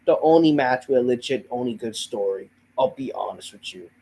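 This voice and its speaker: A man's voice: medium pitch, lively intonation, a little fast, dark tone, slight background noise, low-quality recording. Fed-up male host, under the weather, profane and sighing through his rant. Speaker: host of a wrestling review show. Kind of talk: ranting show review.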